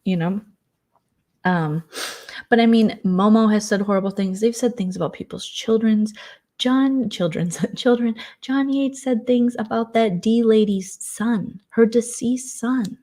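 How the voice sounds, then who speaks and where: A woman's voice: a little high, measured pace, dark tone. A woman hosting a casual late-night chat vlog, telling stories with exasperated sarcasm and mocking voices. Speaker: vlogger host.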